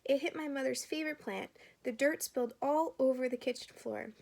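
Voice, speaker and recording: A woman, a teacher, reading a children's chapter book aloud in a steady, clear storytelling voice. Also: high voice, fairly quick.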